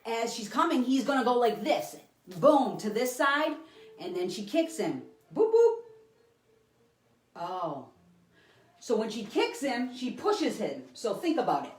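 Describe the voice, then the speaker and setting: A woman with a slightly high voice gives a live psychic reading to viewers. She's vivid and foul-mouthed, acting out scenes complete with sound effects while speaking to someone unseen.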